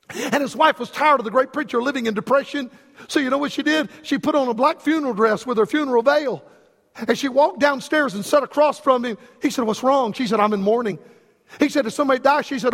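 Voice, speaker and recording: A man's voice: very high-pitched, a bit bright. A man preaching a sermon with an impassioned, repetitive cadence. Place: church sanctuary. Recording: long reverb from a large hall.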